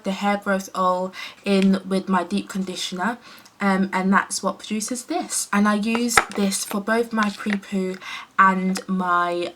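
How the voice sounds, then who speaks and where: A woman's voice: mid-range voice, fairly bright tone, a little hiss or hum. Chatty woman rambling through a hair vlog. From United Kingdom. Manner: chatty, many fillers and self-corrections. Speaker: hair vlogger. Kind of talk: casual rambling chat.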